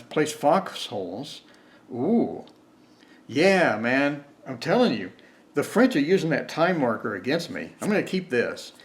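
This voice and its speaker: A man's voice: medium pitch, vocal fry. Man muttering through a board game. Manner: thinks aloud, reads cards, counts dice, grumbles at bad luck. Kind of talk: solo playthrough commentary.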